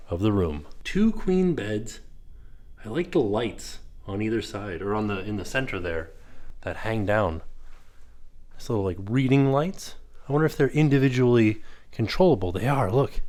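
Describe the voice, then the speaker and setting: A man's voice: fairly low pitch, expressive, normal speed, darkish tone. A man in his thirties narrating a casual walk-through of a hotel room as a vlogger. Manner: chatty, points things out as he walks.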